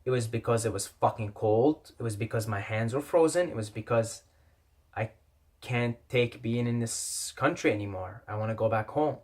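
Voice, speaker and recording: A man's voice: mid-range voice, moderate pace, darkish tone. Young man telling a rambling, sweary story. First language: not English. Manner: rambling, repetitive, swears often. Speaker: vlogger. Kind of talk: casual storytelling.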